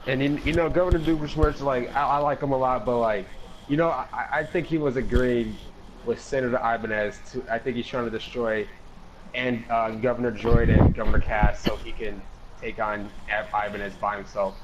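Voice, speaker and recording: A man's voice: mid-range voice, steady tone, a little fast, slight background noise, low-quality recording. Rambling man playing a pundit. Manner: rambling, hesitant, full of "you know". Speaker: mock political analyst in game role-play. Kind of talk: improvised comedic role-play chat.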